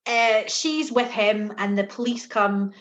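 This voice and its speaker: A woman co-hosting a movie review podcast, chatting casually, sarcastic and quick to laugh. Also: a little high. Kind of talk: casual chat.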